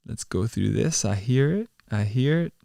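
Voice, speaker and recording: A man's voice: medium pitch, lively intonation, moderate pace, gravelly, dark tone, no echo, studio quality. A man hosting a casual livestream, talking earnestly with many fillers, then leading a prayer. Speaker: channel host and worship drummer.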